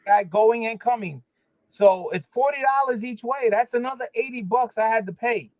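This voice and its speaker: A man hosts a livestream, chatting casually and complaining emphatically with lots of fillers. His voice is very high-pitched at a moderate pace, with no echo and dull lo-fi sound.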